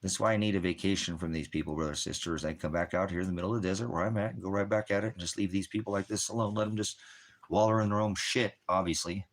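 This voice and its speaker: A man's voice: deep voice, steady tone, fast. An American man, a military veteran, hosting a ministry livestream from out in the desert and angrily berating viewers in his chat with heavy profanity. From United States.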